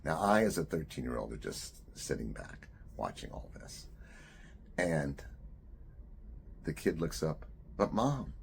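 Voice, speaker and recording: An older man in his sixties, from New Jersey, recounts a memory from his youth. His voice sits extremely low with a gravelly rasp, and he talks loosely, at times dropping to a near-whisper. Faint background noise runs under the recording. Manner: conversational, drops to a near-whisper at grave moments. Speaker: author. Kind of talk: personal storytelling.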